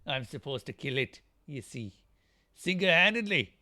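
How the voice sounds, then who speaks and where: A man voicing a boastful young male Norse warrior, loud and declamatory, reading game dialogue aloud. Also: a little high, lively intonation, moderate pace. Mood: troubled.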